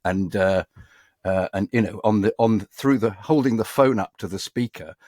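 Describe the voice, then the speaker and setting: Deep-voiced man telling showbiz stories. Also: normal speed, no room sound, clean studio sound. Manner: animated anecdotes, acting out voices and directors. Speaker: voice actor guest. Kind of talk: storytelling interview chat.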